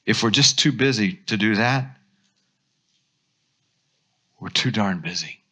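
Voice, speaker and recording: Bright, animated male pastor preaching. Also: on the low side, takes it slowly. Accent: American. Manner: animated storytelling, acts out quotes. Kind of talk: sermon.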